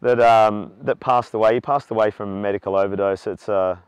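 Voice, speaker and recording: A man's voice: fairly low pitch, a little fast, clean tone, no room sound. An Australian man in his forties, telling his own story in a candid, talkative interview. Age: 40s. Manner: talkative, animated when retelling stories. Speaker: charity walker.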